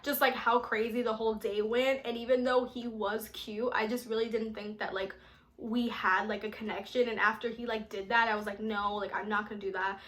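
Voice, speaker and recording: Young woman vlogger, animated and chatty, bright, slightly high voice. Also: normal speed. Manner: animated, chatty, lots of filler "like". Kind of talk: storytime vlog.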